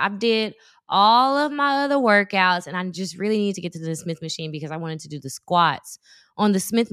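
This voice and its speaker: A woman in her thirties chatting casually and telling stories in an animated way. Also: medium pitch, no echo, clean studio sound. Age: 30s. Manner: animated storyteller. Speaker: guest. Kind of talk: casual chat.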